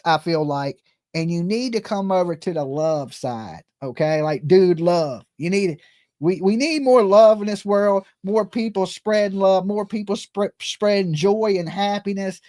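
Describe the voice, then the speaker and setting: A man's voice: high voice, a little mellow, dry recording, clean studio sound. A man hosting a true-crime livestream, talking in a casual, rambling and earnest way and often repeating himself.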